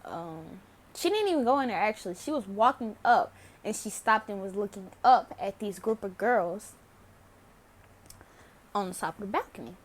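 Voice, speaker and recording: A woman's voice: medium pitch, lively intonation, normal speed, long pauses. A young woman vlogging to camera, telling a story casually, laughing often and swearing freely.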